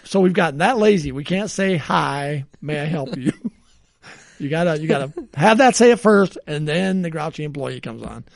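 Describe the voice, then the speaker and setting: A man co-hosting a podcast, telling rambling everyday stories in a relaxed chat and chuckling often. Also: on the high side, normal speed, creaky, no echo, studio quality. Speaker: podcast co-host.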